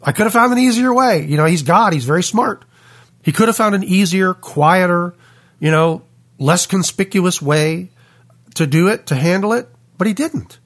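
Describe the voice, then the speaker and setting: A man with a husky voice in a casual faith conversation, reflective, thinking aloud with pauses and fillers. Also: sits high.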